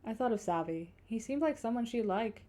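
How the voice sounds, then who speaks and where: Mellow-voiced woman streamer. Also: a little high, expressive, a little fast. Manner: self-deprecating asides. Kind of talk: game let's play with read-aloud narration.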